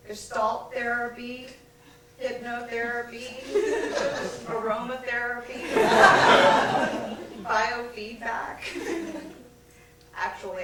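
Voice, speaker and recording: Woman playing a sardonic neurotic daughter in a stage musical, slow and a bit high, super echoey theater. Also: a bit bright, slight background noise. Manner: sardonic, self-mocking. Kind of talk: musical theatre singing and comic monologue. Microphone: distant stage recording. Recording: echoey live theater recording from far off.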